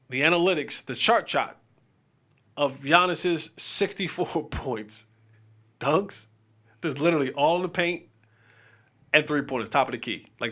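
Man, young adult, sports podcast host, casual, joking, lightly high voice. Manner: animated, joking, restarts often.

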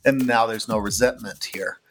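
A man's voice: lowish voice, moderate pace, soft background music. A man talking in a casual podcast chat, retelling a story and acting out what the characters say. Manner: animated, acts out characters' lines in quotes. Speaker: podcast co-host. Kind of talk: casual book club chat.

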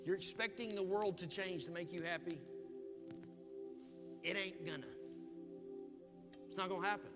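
A man preaching as a pastor in a large church hall, pleading and emphatic, with sudden soft asides. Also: high-pitched, steady tone, moderate pace, long pauses. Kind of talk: sermon. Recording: long hall reverb with music behind.

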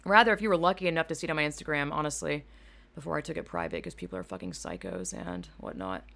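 A young woman hosting a casual solo podcast from home, rambling through animated asides and swearing freely. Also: low-pitched, quick pace, creaky. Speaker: podcast host. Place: home room at a computer. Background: keyboard clacking.

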